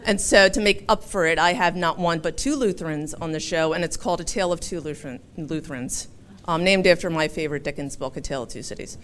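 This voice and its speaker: A woman's voice: low-pitched, quick pace, a bit bright. A woman from Philadelphia giving a chatty, humorous public speech as a talk show host. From Philadelphia, USA.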